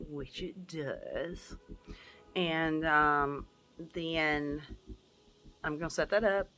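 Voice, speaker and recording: Middle-aged woman, blunt vlogger, bright lowish voice, faint music bed. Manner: candid, venting, swears freely. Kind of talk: casual vlog update.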